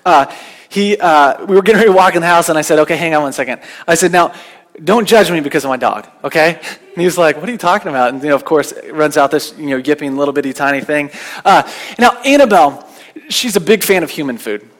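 A man's voice: a little high, fast. A man preaching a sermon in a conversational, storytelling way, often restarting his words. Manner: conversational, anecdotal, repeats words when restarting. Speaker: pastor.

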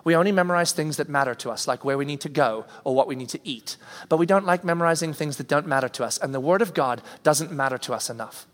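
A man's voice: fairly high pitch, fast talker, fairly bright tone. A man preaching a conversational sermon as a pastor, acting out everyday reactions, recorded with a long hall reverb.

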